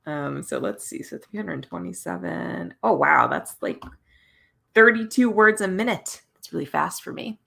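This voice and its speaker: A tired, yawning woman hosting an early-morning writing livestream, chatting casually with many restarts and soft laughs. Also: fairly low pitch, lively intonation, moderate pace, gravelly. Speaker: livestream host running writing sprints. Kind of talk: casual live stream chat.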